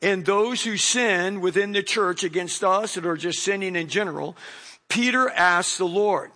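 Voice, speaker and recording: A man's voice: sits high, normal speed. A middle-aged man preaching a sermon, reading a Bible passage and commenting on it as he goes. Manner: animated storyteller, acts out voices.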